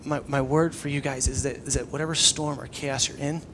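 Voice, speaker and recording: A young man preaching a sermon conversationally, swinging between loud emphasis and hushed, intimate tones. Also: mid-range voice, level tone, a little fast, slight background noise. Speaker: pastor.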